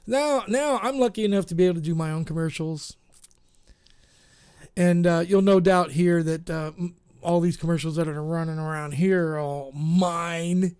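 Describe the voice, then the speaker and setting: High-voiced guy hosting internet radio, rambly and self-mocking, lots of uhs. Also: normal speed, a little mellow, clean tone. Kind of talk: casual live radio chat.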